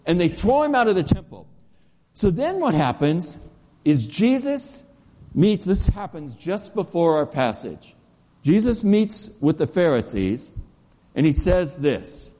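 A man preaching a sermon as pastor, storytelling with energy and dropping to slow, soft emphasis on key words. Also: on the high side. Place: church sanctuary. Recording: long church reverb.

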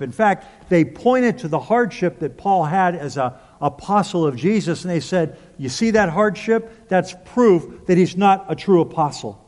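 A man's voice: a little high, a little mellow, in a large hall. A man preaching a sermon, reading scripture aloud with growing emphasis. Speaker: pastor.

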